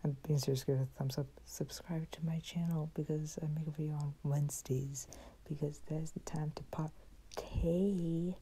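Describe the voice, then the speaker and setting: A woman's voice: sits low, warm tone, slightly rough, rough recording. A young woman chatting casually as a vlogger, often dropping into a whisper. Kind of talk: casual chat.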